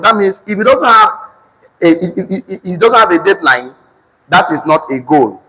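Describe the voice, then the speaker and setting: A man with a Nigerian accent teaching a finance class, repeating each phrase slowly so students can write it down. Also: high voice, lively intonation, pushed and bright, slightly rough, in a large hall, rough recording. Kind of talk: classroom lecture with dictation.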